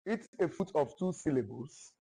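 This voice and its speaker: A man teaching literature in a classroom, slowly repeating each point and often checking whether his students follow. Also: fairly high pitch, expressive, vocal fry, mellow, husky, rough recording. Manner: slow, repetitive, checks understanding often. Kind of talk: classroom lecture.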